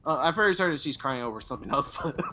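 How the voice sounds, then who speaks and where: Slightly high-voiced guy rambling on a game stream, lots of restarts. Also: animated, very fast, bright, forceful tone. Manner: rambling, tangent-prone, many restarts. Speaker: gamer on a stream. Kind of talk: casual chat while gaming.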